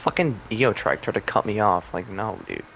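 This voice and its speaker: A man's voice: on the low side, normal speed, gravelly, a little hiss or hum. A young man giving casual gameplay commentary, swearing and trash-talking with frequent laughter. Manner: profane trash talk, laughs often, excitable. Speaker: gaming channel host.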